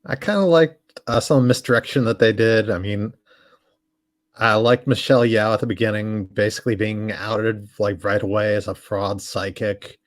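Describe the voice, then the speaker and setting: A man chatting casually as a guest reviewer, relaxed and hedging with fillers. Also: lowish voice, normal speed. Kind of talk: casual movie review chat.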